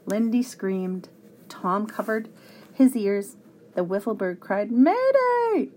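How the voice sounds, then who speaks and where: A woman narrating a children's storybook aloud with an expressive read-aloud delivery. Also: medium pitch, takes it slowly, slight background noise.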